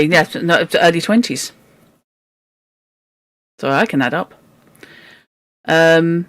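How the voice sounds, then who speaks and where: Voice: mid-range voice, dry recording. A book club host chatting about a classic novel, exasperated and joking, with frequent asides. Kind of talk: casual chat and reading aloud.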